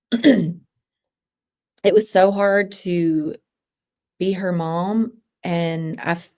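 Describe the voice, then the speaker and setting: Her pitch is fairly low and her intonation fairly even, giving a mellow sound. She is a woman in her thirties, a guest on a podcast for an emotional personal interview. Her phrasing halts, restarts, and trails off.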